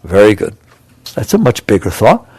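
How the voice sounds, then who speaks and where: A man's voice: on the low side, wildly swooping pitch, moderate pace, darkish tone, husky, no room sound, poor audio. An older man giving a talk to an audience as a spiritual teacher, conversational, often putting questions to the listeners and laughing.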